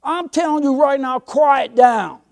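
An older man voicing a bold little boy who shouts warnings to protect his sleeping father. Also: very high voice, measured pace, gravelly, voice pushed up, heavily acted. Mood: bossy warning.

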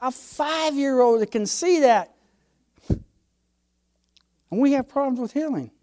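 A man's voice: extremely high pitch, unhurried, a little mellow. An older man, a pastor, preaching a sermon with emphatic, folksy delivery and homespun stories.

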